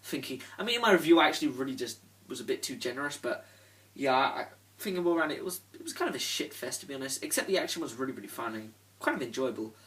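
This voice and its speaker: Brief: young guy, casual rambling vlog chat, sweary, mid pitch, set back from the mic. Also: sing-song, fast talker, fairly bright tone. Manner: rambling, swears often, lots of fillers. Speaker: disc collection vlogger. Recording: voice from a distance off the mic.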